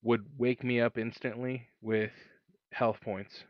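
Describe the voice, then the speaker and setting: A man playing a tabletop game, calmly explaining the rules in casual chat. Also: medium pitch, slow pace, dry recording, dull audio. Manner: calm, explains rules plainly.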